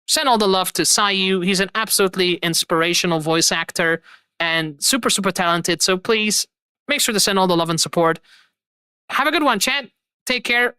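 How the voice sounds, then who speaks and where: A woman's voice: medium pitch, moderate pace, pushed and bright, smooth, dry recording. A young adult woman streamer signing off in casual chat, effusive and rambling, repeating her thanks over and over. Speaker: streamer host.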